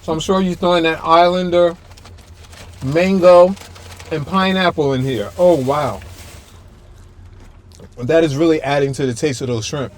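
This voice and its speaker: Here the food vlogger's voice sits fairly high and holds a steady tone, unhurried and broken by frequent pauses. Parked in a car's back seat, he chews, hums his approval, and chats casually with viewers through a camera-mounted mic positioned a bit far away.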